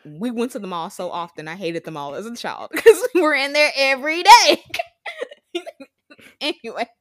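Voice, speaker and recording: Young woman, casual fan chat, giggly, swooping pitch, dry close sound. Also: lively intonation, moderate pace, no echo. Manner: giggly, gushing, laughs often.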